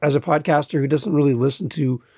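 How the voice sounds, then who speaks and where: Gravelly, chatty male podcast host. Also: fairly high pitch, fairly even intonation, fast talker, mellow, dry recording, studio quality. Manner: chatty, emphatic, repeats words for stress. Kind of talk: casual solo podcast talk.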